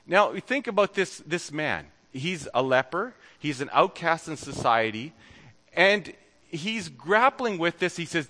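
A man's voice: a little high, big pitch swings, unhurried, a bit bright. A man with a nasal voice preaching an earnest, conversational sermon as pastor in a church, then leading a spoken prayer. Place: church sanctuary. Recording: long reverb of a church hall.

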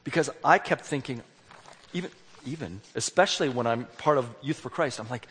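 Husky man preaching in a reverberant hall. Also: on the high side, big pitch swings, fairly quick, fairly bright tone. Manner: candid, self-deprecating, acts out dialogue. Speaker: youth worker preaching. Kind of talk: sermon with storytelling.

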